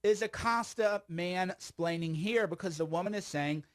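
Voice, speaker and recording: A man's voice: sits high, normal speed. A man giving casual, sarcastic commentary on a video clip, rambling and laughing often.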